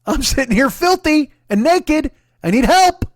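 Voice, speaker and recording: A man's voice: animated, unhurried, no room sound, studio quality. A man doing a shrieking trapped young woman. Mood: frantic. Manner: shrill panicked pleading.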